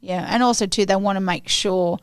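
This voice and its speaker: Woman, Australian accent, chatty guest, quick laughs, mid pitch, dry recording. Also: smooth, no echo. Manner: chatty, quick to laugh, repeats words as she starts. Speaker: guest, small business owner. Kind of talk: casual podcast chat.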